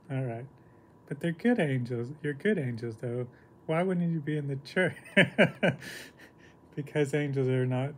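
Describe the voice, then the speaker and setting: A man talking in a halting, casual monologue, reading book passages aloud, often clearing his throat, and asking questions and answering them himself. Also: mid-range voice, slight background noise. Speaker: entertainer talking to his angels.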